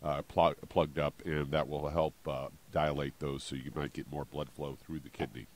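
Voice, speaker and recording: A man with a very deep voice co-hosts a call-in radio show and introduces the callers. He talks in a relaxed, plain-spoken way. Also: moderate pace. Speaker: radio co-host, call screener.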